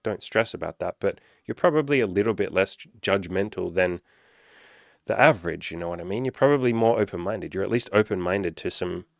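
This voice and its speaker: A man's voice: low-pitched, no echo, clean studio sound. A man, a dating coach, talking casually to his viewers in an earnest, encouraging way, repeating his points and swearing now and then.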